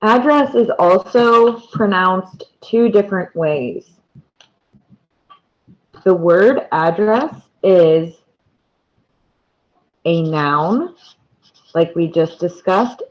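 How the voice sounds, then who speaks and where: Woman teacher, measured and deliberate, repeats key words, slow delivery, lo-fi sound. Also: on the low side, lively intonation. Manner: patient, repeats key words and points to examples. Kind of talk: slow, deliberate classroom explanation.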